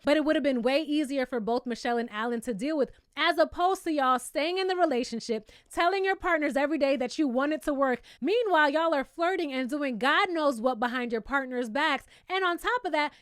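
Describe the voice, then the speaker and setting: Woman, high voice, sassy reality TV recap, expressive commentary, dry close sound. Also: no room sound. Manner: sassy, expressive, addresses viewers as "child" and "baby".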